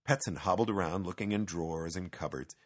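A man narrating a children's storybook in an expressive, storytelling way. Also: sits low, fairly quick.

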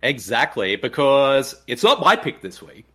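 An Australian man hosts a podcast in casual chat. He is upbeat and animated, and his voice rises and falls a great deal. He often repeats a word for emphasis. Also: medium pitch, unhurried, breathy edge. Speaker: podcast host.

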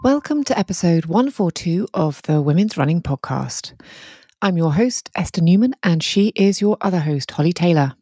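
A woman's voice: fairly low pitch, lively intonation, normal speed, mellow, slightly rough. A woman co-hosting a podcast, chatting casually and telling stories with frequent laughter. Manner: giggly, chatty storyteller. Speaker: podcast host. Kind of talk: casual chat.

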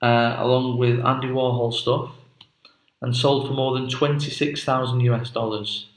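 A man's voice: mid-range voice, level tone, moderate pace. Rambling man, echoey room. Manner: rambling, jokey, many fillers. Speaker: podcast co-host. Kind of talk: casual chat.

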